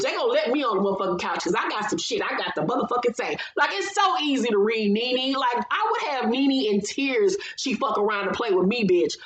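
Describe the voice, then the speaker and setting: A woman's voice: fairly high pitch, animated, a little fast, few pauses, crowd noise. A woman recapping a reality TV episode in a blunt, sassy, heavily profane casual style. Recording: roomy, slightly dull recording.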